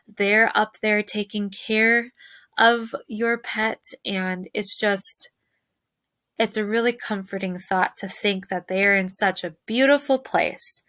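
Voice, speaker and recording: A woman teacher who reads a novel aloud and reflects on it gently with her class, often pausing with "you know". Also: medium pitch, no room sound.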